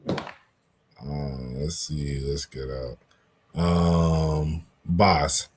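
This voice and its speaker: A young man hosting a podcast in casual chat, laid-back and drawn-out with many fillers. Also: a bass voice, fairly even intonation, husky.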